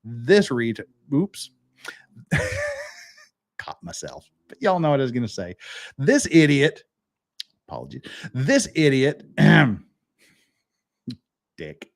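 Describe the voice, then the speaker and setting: A man's voice: medium pitch, wildly swooping pitch, very slow, long pauses. Profane, sarcastic man ranting on a stream. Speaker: legal commentary host. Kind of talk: live-stream ranting commentary.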